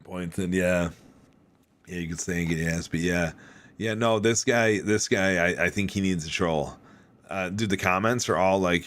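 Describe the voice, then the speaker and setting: A man hosting a podcast, chatting casually and telling animated, rambling stories full of fillers. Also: low-pitched, moderate pace. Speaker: podcast host. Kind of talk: casual chat.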